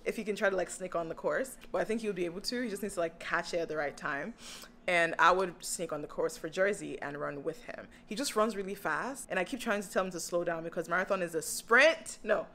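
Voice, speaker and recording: A woman vlogging in a chatty, excitable way, often laughing as she talks. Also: on the low side, a little fast, slight background noise. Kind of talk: casual vlog chat.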